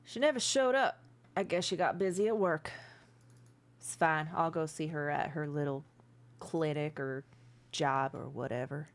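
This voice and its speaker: A woman's voice: low voice, unhurried, pauses often. A woman voicing a timid, eager-to-please old male helper with cloudy eyes. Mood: bashful.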